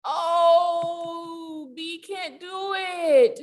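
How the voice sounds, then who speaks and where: A woman reading a picture book aloud at a library storytime, animated and sing-song, with playful animal sound effects. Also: sits high, extremely slow. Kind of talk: children's storytime read-aloud. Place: public library.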